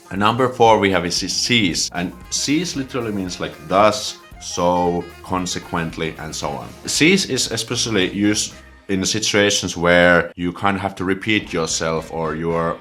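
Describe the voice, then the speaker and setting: A man's voice: deep voice, a bit bright. A man in his twenties with a Finnish accent, casually explaining words to camera with lots of fillers and restarts. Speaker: language teacher.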